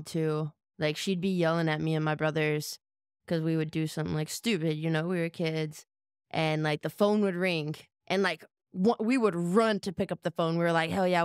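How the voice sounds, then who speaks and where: A woman's voice: on the low side, clear, resonant tone, dry recording, studio quality. A young woman co-hosting a podcast in casual chat, talking in a chatty way full of "like" fillers. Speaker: production assistant, co-host.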